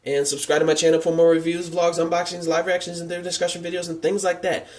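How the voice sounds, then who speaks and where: A man's voice: on the high side, fast talker, hardly any pauses, a little mellow. A man giving a casual, rambling anime episode review, leaning on fillers and openly moved by what he describes. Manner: rambling, heavy on "like" and "and stuff" fillers.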